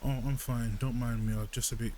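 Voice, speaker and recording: A man's voice: mid-range voice, little pitch movement, brisk, background noise, lightly acted. A man reading the lines of a shaken young male detective who insists he is fine. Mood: tense.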